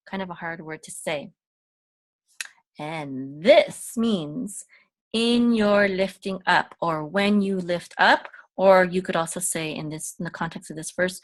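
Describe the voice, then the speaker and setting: A woman gives an unhurried reading lesson, walking through each letter and vowel one at a time. Her voice sits on the low side, and she talks slowly. She often pauses on ums and corrects herself as she goes. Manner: patient, halting with frequent ums and self-corrections. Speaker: Hebrew teacher. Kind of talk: step-by-step language lesson.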